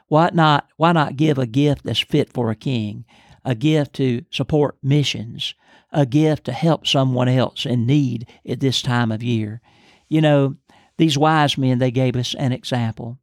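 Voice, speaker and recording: Older man, preacher, earnest storytelling and prayer, middle pitch, dry close sound. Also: measured pace, dry recording. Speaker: podcast co-host and preacher.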